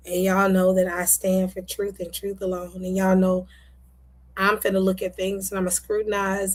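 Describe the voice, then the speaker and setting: Blunt, husky woman host. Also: mid-range voice, completely flat delivery, moderate pace. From United States. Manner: blunt, impassioned, repeats for emphasis. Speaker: online show host. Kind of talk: casual commentary to viewers.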